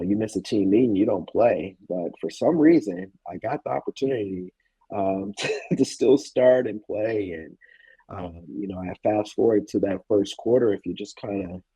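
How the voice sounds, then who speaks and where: A man in his thirties speaks as an interview guest, thinking back over a memorable game. His voice sits low and sounds a little husky. He talks in a halting, reflective way, often pausing on fillers, and the dry recording keeps him close and plain. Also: mellow, no echo, poor audio. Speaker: former college football player as guest. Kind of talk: casual interview storytelling.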